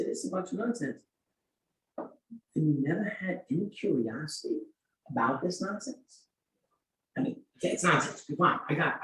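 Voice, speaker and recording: An older man, a rabbi teaching an informal Torah class, telling stories and acting out dialogue in an animated way. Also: a little high. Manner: animated storytelling, acts out dialogue. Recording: echoey room, mic at a distance.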